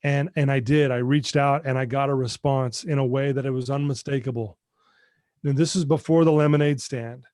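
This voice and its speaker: A man's voice: mid-range voice, steady tone, normal speed, darkish tone, no room sound, studio quality. Earnest man telling a personal story. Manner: earnest, heartfelt, addresses the host directly. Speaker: guest, addiction recovery mentor. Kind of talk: personal storytelling in a podcast interview.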